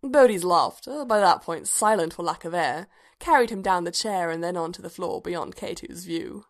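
A woman reading a story aloud in an even, measured audiobook narration. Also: lowish voice.

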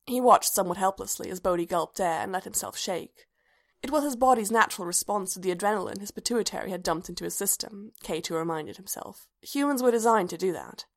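A woman narrating a story aloud in a calm, even voice. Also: medium pitch, brisk. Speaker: story reader. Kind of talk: scripted narration.

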